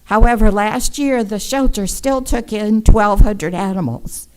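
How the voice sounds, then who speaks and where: A woman's voice: mid-range voice, clear, resonant tone, low-quality recording. Polite woman giving a prepared talk. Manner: measured, polite, organized. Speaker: nonprofit volunteer speaker. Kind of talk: prepared public presentation.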